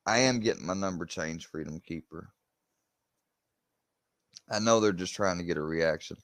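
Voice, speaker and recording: A man's voice: sits low, moderate pace, fairly bright tone, no room sound. Agitated young man. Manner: agitated, swearing, repeats himself. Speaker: YouTuber. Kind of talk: venting rant to camera.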